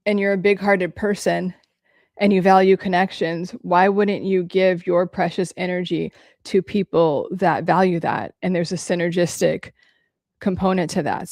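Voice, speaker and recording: A woman hosting a casual livestream and reading out viewers' comments. Her low voice has a gravelly fry. The close, dry recording has no room sound, and she talks bluntly and swears without hesitation. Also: a little mellow, dry recording. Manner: candid, reads comments aloud, swears freely. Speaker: livestream host answering viewer questions.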